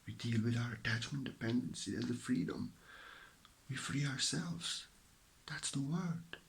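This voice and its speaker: At home beside his stove, a spiritual teacher gives a slow, meditative talk, drifting between soft whispers and a fuller voice. His medium-pitched voice has vocal fry and a mixed accent from living all around the world. There's slight background noise.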